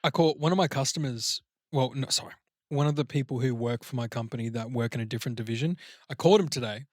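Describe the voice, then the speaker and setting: A man co-hosting a podcast, chatting in an animated way and swearing freely. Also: medium pitch, quick pace, dry recording, studio quality. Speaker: podcast co-host. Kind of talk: casual chat.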